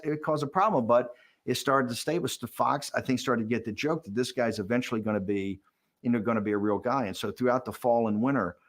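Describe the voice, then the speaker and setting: Interview guest: man in his sixties, mid-pitched, animated raconteur who voices the other people in his stories. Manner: animated storyteller acting out quoted dialogue. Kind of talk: candid documentary interview.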